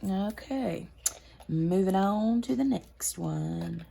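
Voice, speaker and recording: A woman's voice: mid-range voice, animated, slow, gravelly, dark tone, slight background noise. A woman hosting a craft chat video, telling a rambling story full of fillers and restarts while she works. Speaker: craft channel host.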